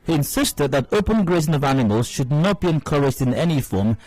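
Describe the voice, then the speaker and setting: A man's voice: fairly high pitch, animated, brisk, a little mellow, dry recording, faint music behind, low-quality recording. A Nigerian man hosting a radio show, giving indignant, emphatic commentary and repeating phrases for stress. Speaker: radio host. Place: radio studio. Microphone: studio mic.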